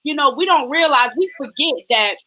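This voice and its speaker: A woman hosting a faith-based live stream, reading out viewer comments with lively, sing-song greetings. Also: high voice, normal speed, low-quality recording. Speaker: host.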